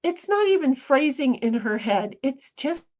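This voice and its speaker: Slow-talking, rambling woman streamer. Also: high voice, very animated. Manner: rambling and chatty, with frequent restarts and soft trailing asides. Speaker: live streamer. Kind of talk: casual live-stream chat, reading viewer comments aloud.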